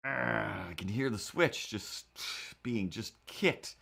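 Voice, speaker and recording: A man's voice: lowish voice, takes it slowly, creaky, a bit bright. A man talking in a casual, rambling monologue, often restarting his sentences and acting out what other people said. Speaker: comic artist and vlogger.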